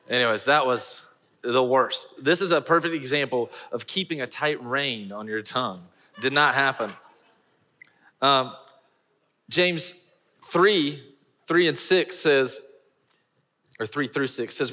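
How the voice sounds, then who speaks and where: A man preaching a sermon as pastor, telling a funny personal story with lively, self-mocking delivery. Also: mid-range voice, measured pace, pauses often, in a large hall. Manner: animated storyteller, laughing at himself. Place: large church auditorium.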